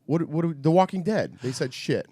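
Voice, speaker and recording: A man's voice: a little high, big pitch swings, normal speed, mellow, dry recording, clean studio sound. A man co-hosting a talk show, joking around casually. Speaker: co-host. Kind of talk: casual interview chat.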